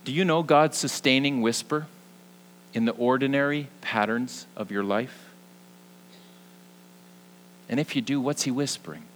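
A young man preaching a sermon as pastor, earnest, moving between lively emphasis and hushed, soft passages. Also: mid-range voice, unhurried, pauses often, a little hiss or hum, rough recording.

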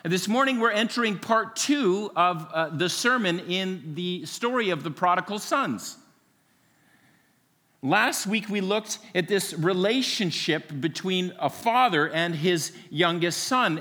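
A man's voice: sits high, lively intonation, unhurried, pushed and bright. A man preaching a sermon as pastor, friendly and earnest, with many small fillers. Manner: friendly, joking then earnest, filler-heavy. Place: church sanctuary. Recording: long reverb of a large hall.

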